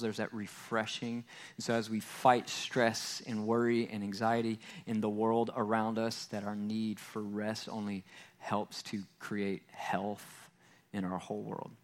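A man preaching a Sunday sermon as pastor, speaking at a middle pitch in a loose, conversational way. He restarts phrases and keeps checking in with "right?". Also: a bit bright. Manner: conversational, repeats words, asks "right?" often.

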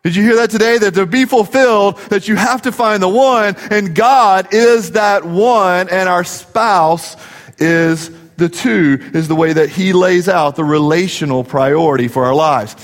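A man's voice: high voice, unhurried. A middle-aged man preaching a sermon, joking and telling family stories as a pastor. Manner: jokey, storytelling preacher. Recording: long reverb of a large hall.

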